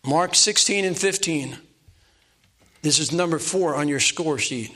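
A man's voice: a little high, measured pace, pushed and bright. An older man preaching a sermon from the pulpit in a folksy, self-deprecating way, repeating his exhortations. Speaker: pastor.

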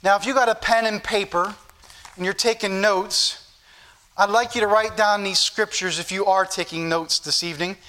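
High, bright-voiced male preacher. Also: steady tone. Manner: slows down and rises in pitch when reading scripture aloud; earnest, repetitive teaching delivery. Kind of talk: sermon.

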